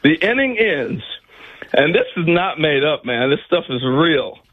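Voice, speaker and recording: An older man with a husky, slightly high voice tells his stories with a lot of rise and fall, slipping into the voices of the people he quotes and laughing between lines. The recording sounds a little dull, like a radio studio feed. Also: measured pace. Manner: animated storyteller, acts out other people's lines, laughs often. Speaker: former major league player, guest. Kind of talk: casual storytelling on a radio talk show.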